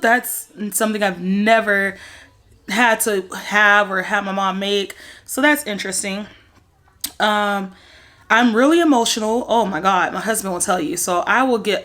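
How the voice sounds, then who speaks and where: A woman's voice: medium pitch, a bit bright. A young woman chatting casually to camera at home, rambling with lots of fillers. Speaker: vlogger sharing pregnancy updates. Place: at home in her bedroom.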